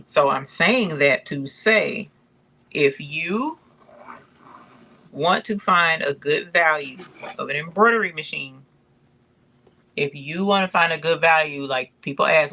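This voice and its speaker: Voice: mid-range voice, slow, long pauses, bright, forceful tone. An embroidery channel host chatting casually on a livestream, calling viewers y'all and reading out chat comments.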